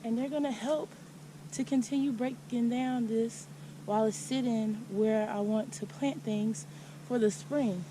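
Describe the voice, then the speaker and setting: Woman farmer, unhurried and chatty, recovering from flu with a cough, recorded outdoors on a handheld camera. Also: fairly high pitch, steady tone. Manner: chatty, talks straight to viewers. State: getting over flu, coughing; out of breath. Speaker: farmer vlogger. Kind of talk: casual vlog narration. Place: outdoors on a farm. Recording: loud outdoor noise.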